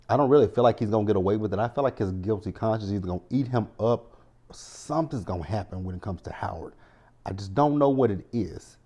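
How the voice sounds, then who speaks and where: A man's voice: fairly low pitch, mellow. A man giving a chatty, rambling recap of a TV episode, full of asides. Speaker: TV show recap vlogger. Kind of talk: casual recap commentary.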